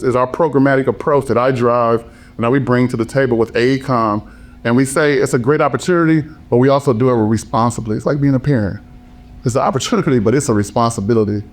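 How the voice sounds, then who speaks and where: Hoarse, passionate male panelist. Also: mid-range voice. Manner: passionate, emphatic, repetitive phrasing. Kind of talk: panel talk.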